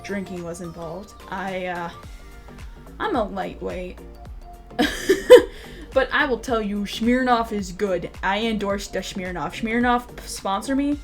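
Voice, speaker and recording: A woman's voice: medium pitch, takes it slowly, gravelly, pauses often, soft background music. A young adult woman vlogger telling a rambling, laugh-filled story in casual talk, swearing freely.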